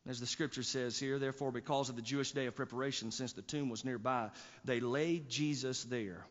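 A man's voice: medium pitch, fairly even intonation, a little fast. A male pastor preaching a sermon, emphatic, with rising bursts and repeated words. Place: church sanctuary. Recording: church hall reverb, dull lo-fi sound.

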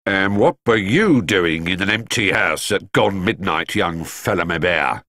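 A man's voice: low voice, animated, measured pace, bright, forceful tone, dry recording, clean studio sound, exaggerated voice. A man voicing an official, questioning policeman in a storybook reading. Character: gruff, questioning first policeman.

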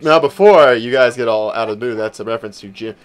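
A man's voice: mid-range voice, fast, smooth. A young man hosting a let's play, chatting casually and joking in mock-earnest tones. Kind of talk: casual gaming chat.

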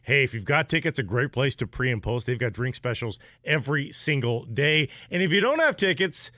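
A man's voice: mid-range voice, animated, brisk, bright, forceful tone, no room sound, studio quality. A man co-hosting a sports radio show, bantering in a laid-back way and reading an upbeat live ad. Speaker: radio co-host.

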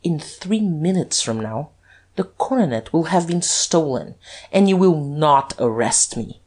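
A woman's voice: big pitch swings, a little slow, darkish tone, full character voice. A woman voicing a coldly menacing duke. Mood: jeering. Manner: jeering, menacing, deep and compelling. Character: cold, commanding male gentleman thief posing as duke.

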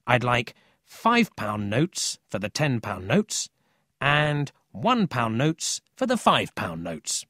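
A smug grown man of a thief drawls his denials slowly and dismissively. A man voices him with a husky, dry, close tone in a storybook reading. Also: medium pitch, wildly swooping pitch, pushed and bright, no room sound, exaggerated voice. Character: lying adult male thief, smug and dismissive.

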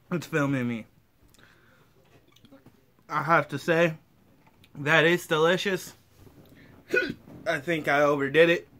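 A man's voice: fairly high pitch, bright, forceful tone. A man casually chatting on camera at home while he eats spicy food, with hiccups between his lines. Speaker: vlogger eating hot sauce.

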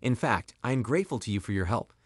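A man's voice: mid-range voice, lively intonation, fast, breathy edge, no echo, clean studio sound. Man voicing a meek old homeless woman.

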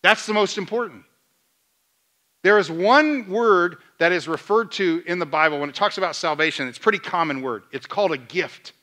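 A man preaching a sermon as pastor, asking the congregation questions and retelling scenes in lively dialogue. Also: high voice, moderate pace. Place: church sanctuary.

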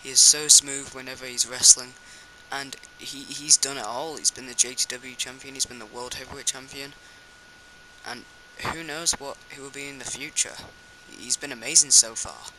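A young man giving rambling, excitable comic voice-over narration about a backyard wrestling match, often stumbling and restarting. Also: medium pitch, moderate pace, noisy background.

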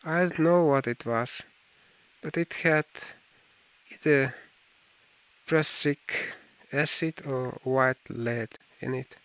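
A man voicing a cool, worldly aristocrat in an audiobook, measured and urbane in manner. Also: mid-range voice, a bit bright, clear, resonant tone, poor audio. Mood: grave. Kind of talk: audiobook character reading.

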